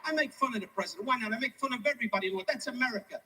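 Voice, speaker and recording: A man's voice: very high-pitched, heavy background noise. An older man doing insult comedy at a live roast, teasing and needling people one after another. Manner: teasing, barbed, rapid insults.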